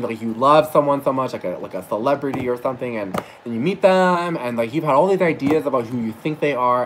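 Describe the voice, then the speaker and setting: Male vlogger, gushing and rambling, swears freely, mid-pitched voice, faint noise behind. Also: low-quality recording. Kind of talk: casual storytelling vlog.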